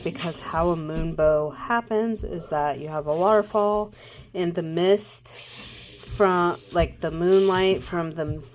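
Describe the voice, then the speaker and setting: A woman vlogging casually about a book she's reading, rambling and thinking aloud. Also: lowish voice. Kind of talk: casual chat.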